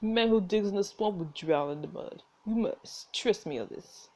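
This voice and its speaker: A woman voicing a hulking, intimidating male lighthouse keeper in a thick put-on Russian accent, slow and menacing. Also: medium pitch, a little mellow, natural voice. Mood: grave.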